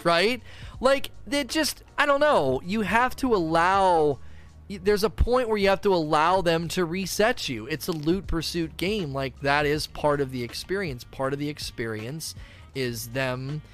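A man chatting casually as a game streamer, rambling through his thoughts with frequent restarts and acting out quick voices along the way. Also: a little high, animated, a bit bright, faint music behind. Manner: rambling, restarts often, acts out voices mid-rant. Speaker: gaming streamer. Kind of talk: casual stream chat answering viewers.

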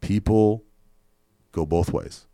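A man's voice: lowish voice, takes it slowly, mellow, no echo, studio quality. A man who is a guest entrepreneur, telling a story in a casual podcast chat. He is blunt and swears a lot, and he acts out the other people's lines.

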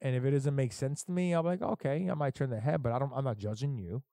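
A man's voice: medium pitch, fast talker, warm tone, no room sound, clean studio sound. A middle-aged man telling stories in casual, profane chat, as a podcast host. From Puerto Rico heritage. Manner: profane, storytelling, emphatic.

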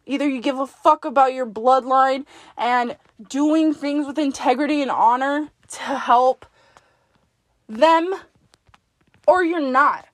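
High-voiced woman, blunt and profane, coaching herself in a dry, close recording. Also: slow pace, no echo. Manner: talks to herself in second person. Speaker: podcast host. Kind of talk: self-directed pep talk monologue.

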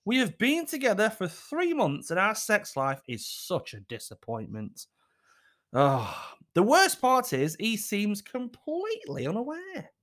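A man's voice: high-pitched, wildly swooping pitch, a little slow, a bit bright, voice pushed up, heavily acted. A man voicing a frustrated young woman writing in about her boyfriend, in a giggly, complaining manner. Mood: exasperated.

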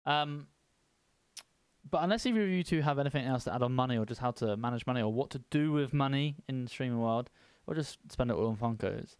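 A man's voice: medium pitch, fast, clean tone, no echo. A man hosting a casual streaming podcast chat, rambling along with fillers and restarts. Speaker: podcast host.

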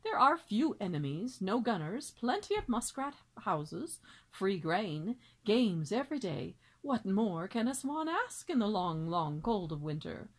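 A proud, long-winded father swan, as a woman reads him aloud from a children's book. He lectures his young in a grand, lively voice that swoops up and down, keeping to a middle pitch. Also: a little slow, husky, exaggerated voice, low-quality recording. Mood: explaining.

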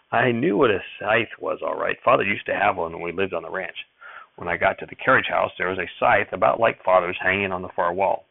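A man reading a memoir aloud in a steady, measured audiobook narration. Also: deep voice, vocal fry, no room sound. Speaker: audiobook reader. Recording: dry tinny phone-like sound.

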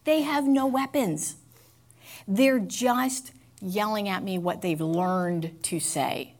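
Brief: earnest woman sharing openly, hesitant pauses, middle pitch. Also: darkish tone. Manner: confessional, earnest, halting with fillers. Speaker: speaker. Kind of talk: candid personal talk.

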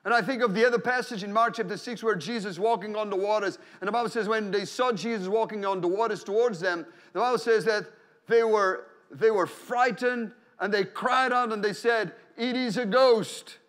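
A man with a high, light voice preaching a sermon. He talks to the congregation in an easy, conversational way, doubling back on words as he goes, and now and then he lifts into loud exclamations of praise. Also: brisk. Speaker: pastor.

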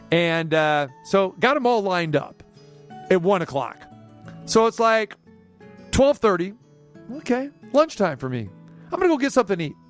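Animated male sports radio host. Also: fairly high pitch. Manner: animated storyteller, voice climbs sharply when riled up. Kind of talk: sports talk radio monologue.

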